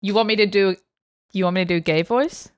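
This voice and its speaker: A woman's voice: medium pitch, a little fast, darkish tone, smooth. A woman from England co-hosting a comedy podcast, dry and casual with swearing.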